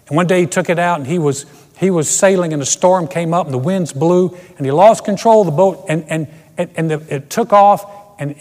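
Earnest pastor preaching in a reverberant hall. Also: male voice, on the high side, darkish tone. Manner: earnest, emphatic preaching with repeated restarts. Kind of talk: sermon. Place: empty church auditorium.

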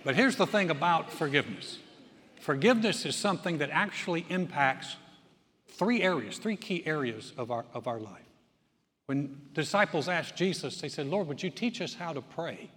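A man's voice: a little high, normal speed, breathy edge. A man preaching a sermon as pastor, telling stories and acting out the people in them. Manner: animated storyteller, acts out quoted voices. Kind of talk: sermon with storytelling. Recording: long church reverb.

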